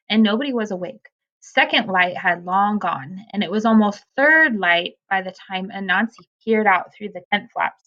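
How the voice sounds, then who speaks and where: A woman reading a children's chapter book aloud in an expressive way, with occasional slips and restarts. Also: mid-range voice. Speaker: storybook reader. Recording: dull lo-fi recording.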